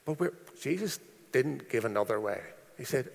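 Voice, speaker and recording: A man preaching a sermon in a slow, deliberate way, dropping low and soft when he quotes scripture. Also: animated, creaky. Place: church. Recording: long church reverb.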